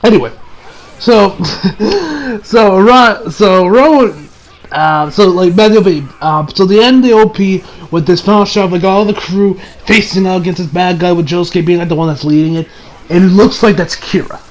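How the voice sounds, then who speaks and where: A man with a notably high voice chats casually through an episode recap. He rambles, restarts his sentences often and teases himself along the way. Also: normal speed, low-quality recording. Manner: rambling, with many restarts and self-mocking asides. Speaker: anime reviewer.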